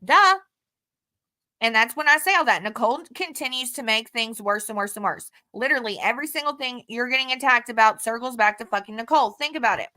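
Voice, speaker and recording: A woman with a fairly high, bright and forceful voice vents to her viewers. She is frustrated and heated, swearing freely as she goes through old text messages one by one. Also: fast talker, hardly any pauses. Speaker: vlogger. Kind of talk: casual talk to camera, reading out text messages.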